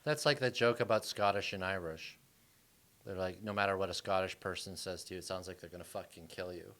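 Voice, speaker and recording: Male podcast host, low voice, enthusiastic and profane banter. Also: fairly quick, a bit bright. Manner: laughing, enthusiastic, swearing freely. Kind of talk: casual podcast conversation.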